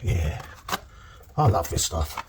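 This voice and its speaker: Heavy background noise surrounds a middle-aged man with a low, sing-song voice who takes things slowly. He's demonstrating cornice plastering in an indoor room on a work site, joking, chatting and asking "okay?" along the way.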